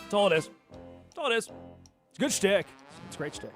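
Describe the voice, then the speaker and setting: Animated high-voiced sports radio host. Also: male voice, faint music behind. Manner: mocking, swings loud and soft, fast then slow. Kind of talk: sports talk rant.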